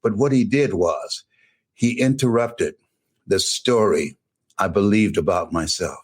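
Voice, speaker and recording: An older man giving an energetic, preacher-like motivational talk, emphatic and whooping, recorded on a camera in a room. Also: fairly low pitch, measured pace. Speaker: motivational speaker.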